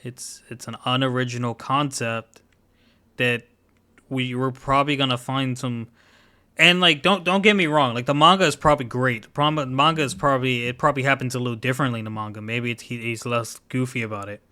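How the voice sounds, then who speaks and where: A man's voice: medium pitch, fairly even intonation, fairly quick, sharp tone, smooth. A man co-hosting a podcast, giving a rambling, hedging critique of an anime with lots of fillers. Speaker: podcast co-host. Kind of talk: casual anime discussion.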